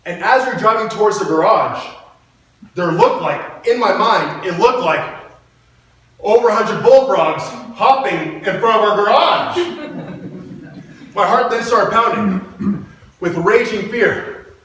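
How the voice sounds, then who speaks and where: A man with a fairly high voice gives a storytelling motivational speech, playful and self-mocking. He laughs often. His voice comes from a distance and rings around a very echoey hall. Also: unhurried, a bit bright. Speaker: public speaker. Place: hall with an audience. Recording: echoey hall, mic far off.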